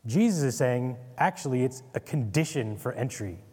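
A man's voice: medium pitch, expressive, moderate pace, a little mellow, slightly rough, big-room sound. A man giving a casual Bible study lecture, conversational, with wry asides and frequent "right?" checks. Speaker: Bible teacher.

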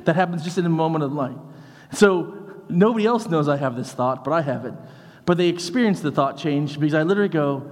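A man preaching a sermon as vicar, telling a funny story in an animated way, moving from hushed lines to shouts. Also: a little high, a little fast, in a large hall.

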